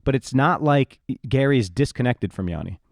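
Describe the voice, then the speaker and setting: A man co-hosts a podcast in loose, casual chat, pressing his opinions and refusing to back down. His voice sits at an ordinary middle pitch. The sound is dry and close, with no room echo. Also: lively intonation, normal speed, gravelly. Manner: argumentative, opinionated. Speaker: podcast co-host.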